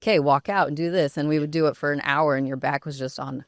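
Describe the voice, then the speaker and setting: Chatty woman telling stories, crisp and dry. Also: sits low, quick pace, no room sound. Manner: chatty, animated, frequent "like" fillers and laughs. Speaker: podcast guest. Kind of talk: casual conversational storytelling.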